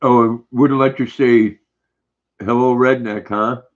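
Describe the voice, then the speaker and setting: An older man hosting a casual livestream, reading viewer comments aloud in a relaxed, friendly, chatty way. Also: medium pitch, measured pace. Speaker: livestream host. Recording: dull lo-fi stream audio.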